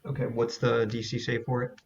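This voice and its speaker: A man's voice: mid-range voice, monotone, brisk, gravelly, slightly rough, no echo, dull audio. A man running a tabletop game as game master, hesitant with many fillers.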